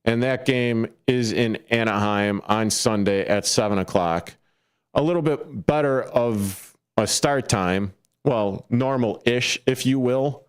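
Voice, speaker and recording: A man's voice: medium pitch, slow, clean tone. A man hosting a local sports radio show, rambling through a casual monologue with frequent self-corrections and jokey asides. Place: radio studio. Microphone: studio microphone.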